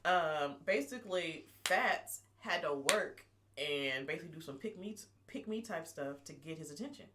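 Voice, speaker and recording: Woman, lowish voice, relaxed casual podcast chat, faint background noise. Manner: relaxed, conversational, quick supportive interjections. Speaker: podcast co-host.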